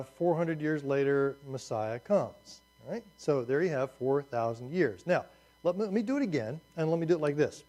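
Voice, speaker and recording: A man teaching a lively overview lecture, telling the story with jokes and asides as he points at a map. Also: on the high side. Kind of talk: Bible survey lecture.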